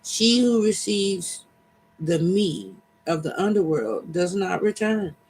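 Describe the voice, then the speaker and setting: An angry old father god refuses his daughter, as a man reads him. The reading is stern and measured. The voice sits high. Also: expressive, darkish tone, a little hiss or hum, heavily acted, poor audio.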